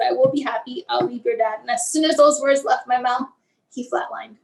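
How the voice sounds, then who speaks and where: A woman in her forties, a bereaved mother and guest, telling a personal story in a soft, emotional, halting way. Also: fairly high pitch, low-quality recording.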